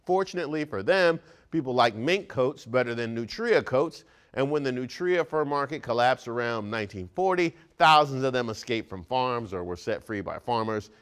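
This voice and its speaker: A man from Prince George's County, Maryland, hosting a scripted comic monologue in a playful, animated way with mock-serious asides. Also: mid-range voice, normal speed, few pauses, clean tone. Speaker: comedy segment host.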